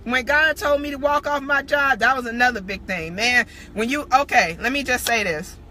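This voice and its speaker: A woman's voice: a little high, normal speed, bright, forceful tone, slight background noise. A woman giving a candid spiritual testimony on a live stream, preaching in a casual way and swearing freely. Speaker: spiritual teacher.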